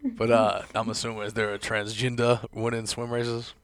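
A man's voice: fairly low pitch, flat delivery, normal speed, dry recording. A man co-hosting a podcast with a dry, teasing manner in crude casual banter. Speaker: podcast co-host.

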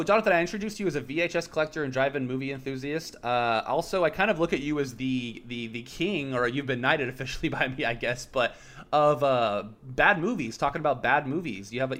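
A man's voice: mid-range voice, a little fast, a bit bright. A man hosting a podcast in casual chat, rambling and self-mocking, laughing often between restarts. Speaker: podcast host.

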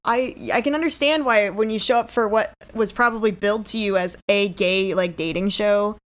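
A woman's voice: medium pitch, moderate pace. A woman co-hosting a casual chat, talking loosely with plenty of fillers. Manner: conversational, many fillers like "like". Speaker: podcast co-host.

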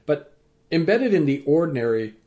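A man guest on a podcast, a teacher and speaker, telling a story with lively acted-out dialogue. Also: a little high, normal speed. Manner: animated, acts out quoted dialogue. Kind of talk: storytelling in an interview.

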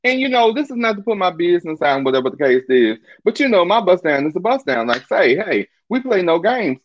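A man telling a long casual story. He is animated and profane, uses a lot of slang, and laughs often. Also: high voice, a little fast, no echo. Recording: dull, muffled dry recording.

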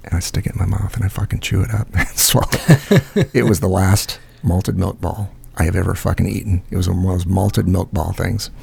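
Man, gravelly, husky, low voice, casual rambling storyteller, swears a lot. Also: fairly even intonation, brisk, a little mellow. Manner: rambling, profane, many fillers. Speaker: host.

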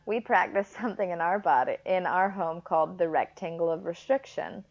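A woman's voice: on the low side, normal speed, lo-fi sound. Frank woman telling stories. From Texas, US. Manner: frank, animated storytelling with laughs. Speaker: guest, adoptive mother. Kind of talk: casual interview chat.

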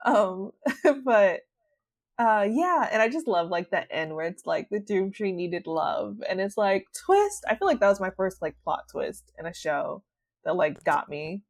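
A woman hosting a podcast, with a lively voice that swings up and down. She chats in a bubbly way, laughing often and saying like a lot. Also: medium pitch, measured pace. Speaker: podcast host. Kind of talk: casual chat.

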